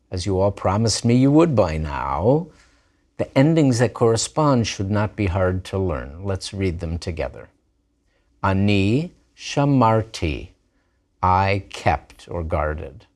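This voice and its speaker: A man with a lowish voice teaches a grammar lesson at an unhurried, deliberate pace. He drills each form patiently and repeats examples so students can follow. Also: darkish tone. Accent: Israeli Hebrew pronunciation of Hebrew words. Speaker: language teacher.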